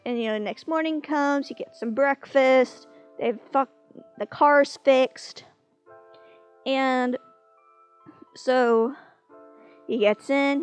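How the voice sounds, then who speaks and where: A woman casually telling a long joke, rambling with many fillers and restarts. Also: high voice. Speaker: vlogger.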